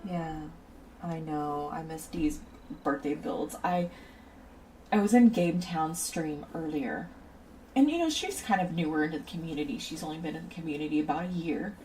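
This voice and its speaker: A woman's voice: sits low, moderate pace, darkish tone, far from the mic, slight background noise, rough recording. A woman chatting casually on a livestream, rambling off on tangents and talking straight to her viewers. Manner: talks straight to chat viewers. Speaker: streamer.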